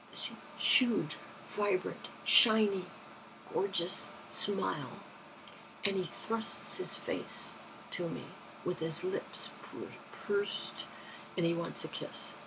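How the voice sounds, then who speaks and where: A woman's voice: lowish voice, creaky, noisy background. A woman from London, telling everyday stories in a rambling, chatty way that keeps correcting itself. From London, England. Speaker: vlogger. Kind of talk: casual anecdotal storytelling.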